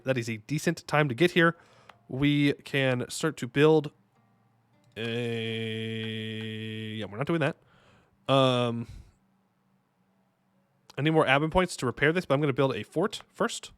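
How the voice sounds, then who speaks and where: A man streaming a strategy game, commenting casually and excitably, talking to himself and his chat with jokey asides. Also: mid-range voice, clear, resonant tone. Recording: faint music behind the voice.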